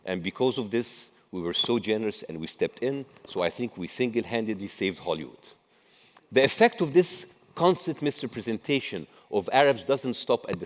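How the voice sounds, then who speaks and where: A middle-aged man with an Egyptian accent giving a satirical conference talk, full of sarcastic, mocking asides. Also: on the low side. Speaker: conference speaker. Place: large conference hall. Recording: long hall reverb.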